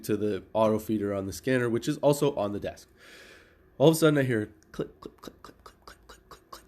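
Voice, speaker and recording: A middle-aged man hosting a comedy podcast, telling a casual story with lots of swearing and laughing at his own jokes. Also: medium pitch. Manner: profane, animated, laughs at own stories. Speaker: podcast host.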